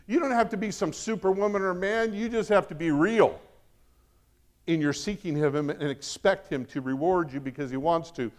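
A middle-aged man preaching a sermon in a fairly high voice. He is animated, pressing points loudly, then dropping into soft, confiding asides. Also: normal speed. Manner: animated, swings from loud emphasis to quiet asides. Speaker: pastor.

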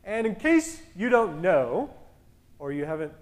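A man in his thirties casually telling a story as a podcast co-host, animated and acting out the dialogue in a loud voice that carries. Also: high voice, measured pace. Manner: animated, acts out quoted dialogue.

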